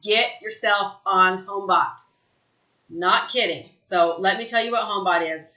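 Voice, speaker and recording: A woman's voice: mid-range voice, steady tone, moderate pace, sharp tone, echoey room, lo-fi sound. A woman coaching real estate agents in a live training session, talking emphatically and often checking in with "right?".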